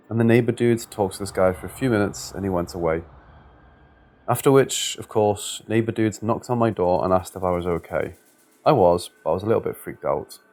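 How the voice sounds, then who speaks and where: A man narrating true scary stories, steady and measured in his reading. His voice sits on the low side. It is a scripted narration for a story channel.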